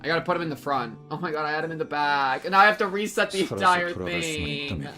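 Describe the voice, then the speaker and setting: A man streaming a reaction to a game, talking loudly and excitedly and calling everyone bro. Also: fairly high pitch, fast talker, over music. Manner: loud, excitable, keeps calling people bro.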